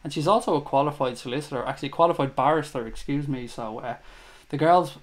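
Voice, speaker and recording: A man's voice: mid-range voice, quick pace. A man hosting a fan chat show livestream, talking casually and with feeling to his viewers and reading out their comments. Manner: chatty, emotional, reads viewer comments aloud.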